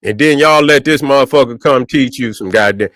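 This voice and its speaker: A man's voice: mid-range voice, a little fast, a bit bright, dry recording, studio quality. A man, ranting profanely and repetitively to viewers on a livestream. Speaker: online commentator.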